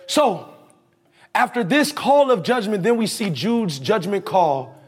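A man's voice: sits high, expressive, unhurried, husky, faint music behind. A male preacher giving a conversational, slangy sermon, leading the congregation in call-and-response.

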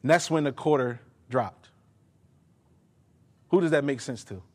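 A man's voice: mid-range voice, a little slow. A man preaching a sermon, emphatic and speaking directly to his congregation in a church. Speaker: pastor. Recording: long hall reverb.

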